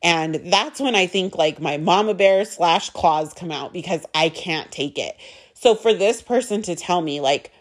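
A woman's voice: lowish voice, a little slow. A young woman, a mother, telling a personal story in an emotional, emphatic monologue, swearing and repeating herself for stress.

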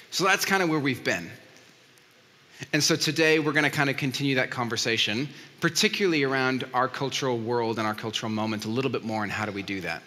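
Preacher, male, bright tone, chatty storyteller, echoing hall sound. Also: medium pitch. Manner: conversational storytelling, acting out quotes. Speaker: pastor. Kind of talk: sermon. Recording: long reverb of a hall.

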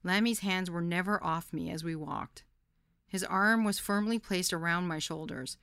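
A woman's voice: on the low side, moderate pace, a bit bright, clear, resonant tone, dry recording, studio quality. A woman podcast host reading a candid first-person memoir story.

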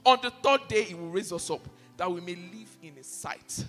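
Man preaching, high animated voice, bright tone, echoing church hall with soft music underneath. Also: normal speed. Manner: impassioned, repeats key phrases for emphasis. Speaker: pastor. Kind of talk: sermon. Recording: reverberant hall with faint music behind.

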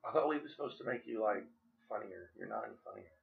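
A man co-hosting a casual podcast, joking in a dry, deadpan way. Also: on the low side, fast talker, creaky, narrow, tinny audio, slight background noise. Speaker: podcast co-host. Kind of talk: casual chat.

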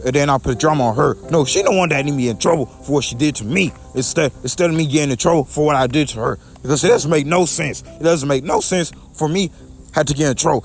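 A man's voice: mid-range voice, creaky. A young man venting to his viewers in a repetitive, aggrieved way, often stumbling and restarting his sentences. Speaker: vlogger. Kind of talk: personal rant to camera.

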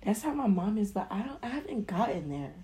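A young woman in casual chat, speaking hesitantly with many pauses and fillers. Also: mid-range voice, sing-song, warm tone.

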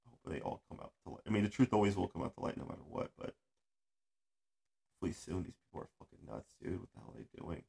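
A man hosts an easygoing podcast, rambling from one thought to the next. His voice is low and gravelly, and he swears freely and laughs a lot along the way. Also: animated, fast, mellow. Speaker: podcast host. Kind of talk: casual chat. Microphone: audio-only podcast recording.

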